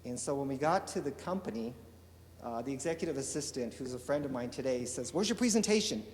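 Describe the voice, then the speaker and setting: A man from eastern Oregon telling a lively business story to an audience, acting out the dialogue. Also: medium pitch, brisk, a little hiss or hum. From eastern Oregon, USA. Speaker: entrepreneur giving a talk. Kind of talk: storytelling keynote speech. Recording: reverberant hall with faint ambience.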